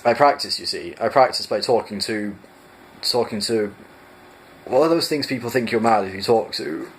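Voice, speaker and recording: A man's voice: lowish voice, moderate pace, a little hiss or hum, lightly acted, rough recording. A man voicing a lonely, bewildered castaway who talks hesitantly and rambles, as in a fan audiobook reading. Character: bewildered lonely Englishman, long marooned.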